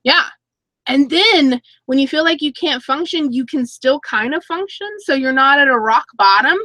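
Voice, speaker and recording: Bright, chatty woman vlogger. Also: high-pitched, moderate pace, no echo, poor audio. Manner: chatty, reads viewer comments aloud and laughs. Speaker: YouTube channel host. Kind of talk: casual live-stream chat.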